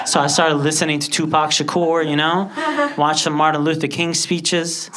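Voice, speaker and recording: Animated stand-up comedian from Lebanon. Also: male voice, moderate pace, few pauses. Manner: animated, jumps into high put-on voices. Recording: loud background noise.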